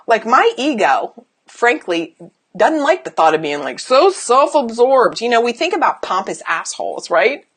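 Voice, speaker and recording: A woman coach delivers a blunt motivational talk, swearing freely and pushing the listener with rhetorical questions. Her voice sits a little high and swings widely in pitch, animated and emphatic throughout. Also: unhurried, a little hiss or hum. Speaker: business coach. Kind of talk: motivational direct-to-camera talk.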